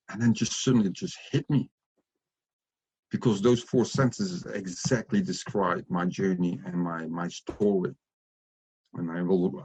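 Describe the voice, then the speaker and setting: Man, middle-aged, life coach, husky, deep-ish, earnest, reflective, muffled lo-fi sound. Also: fairly even intonation, unhurried, darkish tone. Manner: earnest, reflective, many restarts. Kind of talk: interview storytelling. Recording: muffled lo-fi audio.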